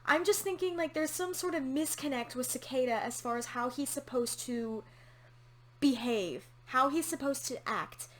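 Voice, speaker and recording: A woman's voice: sits high, moderate pace, a bit bright. A woman hosting a casual TV episode reaction, candid and opinionated, swearing casually as she talks. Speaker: reaction channel host.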